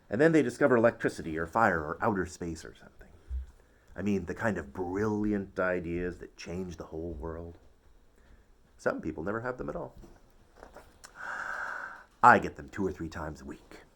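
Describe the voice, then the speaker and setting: A man reading a children's story aloud, expressive and playful. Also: low voice, moderate pace, pauses often. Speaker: storybook narrator.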